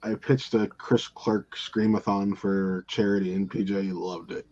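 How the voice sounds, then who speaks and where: A man guest joking quickly during a casual movie watch-along. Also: fairly low pitch, level tone, mellow, lo-fi sound, a little hiss or hum. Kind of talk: casual chat.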